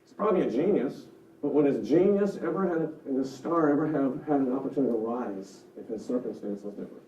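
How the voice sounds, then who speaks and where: A man's voice: medium pitch, animated, fast, dark tone. Male seminar teacher, earnest and conversational, recorded from a distance in a roomy hall. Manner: earnest, conversational, explains with examples. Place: seminar room. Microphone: microphone over a room speaker system. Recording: roomy, distant, dull sound.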